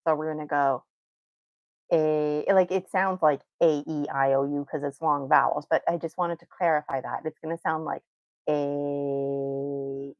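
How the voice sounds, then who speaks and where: A woman's voice: sits low, no room sound, highs cut off. A woman teaching an unscripted guided vocal exercise, encouraging and laughing often as she draws out vowel sounds. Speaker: voice and breathing teacher.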